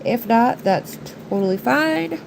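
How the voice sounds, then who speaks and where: This woman's voice is on the high side and expressive, with vocal fry and a measured pace, in a low-quality recording with slight background noise. She hosts a nail art live stream, rambling chattily through a stuffed-up, nasal voice in casual conversation.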